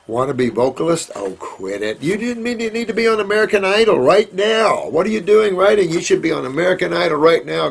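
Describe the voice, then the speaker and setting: A man's voice: mid-range voice, creaky, husky. A middle-aged man hosting a casual question-and-answer session, talking in a rambling, folksy way and calling viewers sweetheart and honey. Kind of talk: casual live Q&A.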